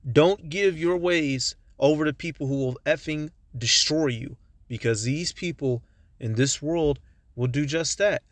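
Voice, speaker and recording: A man giving an informal, profane religious teaching from inside a car, blunt and halting, often stumbling over his words. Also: a little high, no echo. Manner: blunt and profane, with street slang. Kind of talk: informal preaching monologue.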